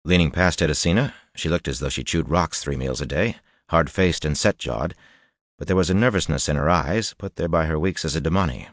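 A man narrating a fantasy audiobook in steady, even scripted storytelling. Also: a bass voice, fairly quick, dry recording, clean studio sound.

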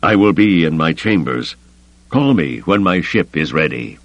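A man voicing an unstable older male Jedi Master who speaks slowly and imperiously, in an audiobook reading. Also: low voice, lively intonation, creaky, no room sound, dull audio, exaggerated voice. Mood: curt. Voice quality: slow, deliberate, commanding.

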